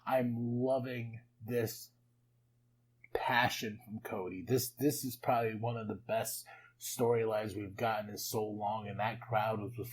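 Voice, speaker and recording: A man hosting a podcast, recapping wrestling in a casual, excitable way with frequent laughs and chatty asides. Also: fairly low pitch, measured pace, a little hiss or hum, low-quality recording. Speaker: podcast host.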